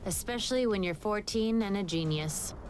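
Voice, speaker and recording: A breezy, slangy teenage girl, voiced by a woman in a video game. She talks in a relaxed way, at an everyday pitch, with music playing under her. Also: normal speed, natural voice. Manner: slangy, casual, laid-back. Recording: game audio with music behind.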